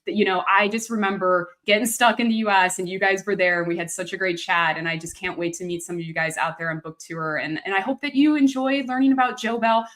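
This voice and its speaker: Brief: woman author, animated storyteller, laughs easily, casual video call. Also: mid-range voice, quick pace, few pauses. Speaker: author guest.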